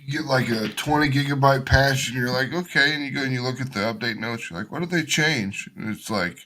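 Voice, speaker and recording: A man's voice: medium pitch, fast talker, fairly bright tone, a little hiss or hum, poor audio. A man hosting a casual stream chat, telling jokey stories and swearing freely. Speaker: stream host.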